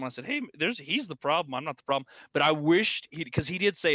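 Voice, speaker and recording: Guy on a podcast telling a story all worked up, bright voice, dry mic. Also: medium pitch, fairly quick, dry recording, dull audio. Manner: animated storyteller, acts out quotes loudly. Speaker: podcast co-host. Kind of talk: casual chat.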